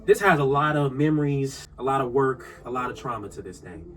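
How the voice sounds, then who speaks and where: A man telling comedic retail stories in an exasperated, animated rant, speaking straight to his viewers. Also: medium pitch, a little fast. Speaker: vlogger.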